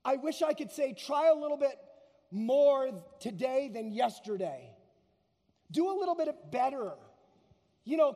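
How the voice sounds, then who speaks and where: A man preaching a sermon as pastor, emphatic, slowing down and speeding up for effect. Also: very high-pitched. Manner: emphatic, varies pace and loudness for effect. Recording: long hall reverb.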